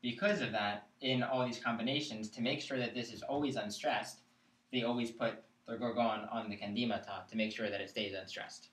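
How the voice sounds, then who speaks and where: A man leads a chant class in a middle-pitched voice, explaining each point patiently and stopping to ask whether everyone follows. He stands well back from the microphone, and the room gives his voice a clear echo. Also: fairly even intonation, fairly quick, fairly bright tone. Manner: explains patiently, checks in with students. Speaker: chant teacher. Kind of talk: live classroom lesson. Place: classroom, live-streamed. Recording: echoey room, mic far off.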